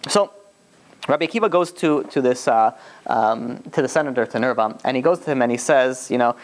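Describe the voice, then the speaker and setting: A man's voice: medium pitch, a little fast. A man, a rabbi, telling a story in a loose, conversational lecture and acting out the characters' lines. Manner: lively retelling that acts out the characters' quoted lines; loose and conversational, often saying "you know".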